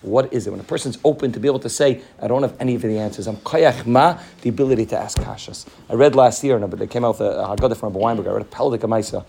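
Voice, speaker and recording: A man giving a Torah talk, telling a Hasidic story in rapid, heartfelt speech that repeats phrases and weaves in Hebrew and Yiddish terms. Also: medium pitch, vocal fry, dark tone, slight background noise. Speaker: Torah teacher.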